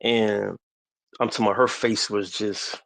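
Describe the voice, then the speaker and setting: Gravelly, low-voiced man telling his story. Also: level tone, fairly bright tone, dry recording. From DMV area, US. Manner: slow, halting, reflective, with many restarts. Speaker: podcast guest. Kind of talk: personal storytelling.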